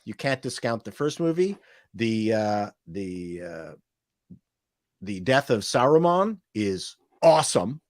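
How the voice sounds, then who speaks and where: A man with a Canadian accent from Toronto tells stories as a guest in a loose conversation. He talks in an animated, joking way. The sound is dry and close. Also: on the low side, dry recording. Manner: storytelling, animated, quick jokes. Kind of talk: casual chat.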